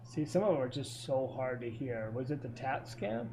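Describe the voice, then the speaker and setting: In casual video-call storytelling, this ghost investigator wanders through his tales, constantly using fillers and correcting himself. His mid-range voice sounds a little mellow and moves at normal speed, with slight hiss or hum in the background.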